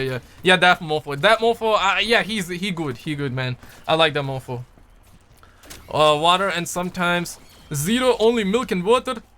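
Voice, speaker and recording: A young man from Pakistan chatting casually on a gaming news livestream, deliberately swinging his voice up and down as he answers chat. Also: fairly high pitch. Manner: animated, shifts his voice up and down on purpose.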